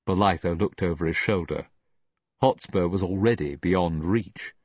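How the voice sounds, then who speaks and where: A man narrating an audiobook in a dramatic, expressive reading. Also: sits low, measured pace, breathy edge, dry recording, lo-fi sound. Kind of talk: scripted narration.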